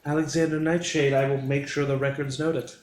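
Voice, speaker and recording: A man's voice: fairly high pitch, flat delivery, brisk, darkish tone, echoey room, natural voice. A man voicing a humble, polite male keeper of records who talks in a hesitant, stammering, apologetic way. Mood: meek.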